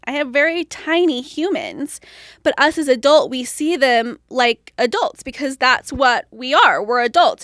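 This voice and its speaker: Chatty high-voiced young woman. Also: fairly bright tone, dry recording, clean studio sound. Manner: chatty, heavy use of "like". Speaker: podcast guest. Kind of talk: casual conversation.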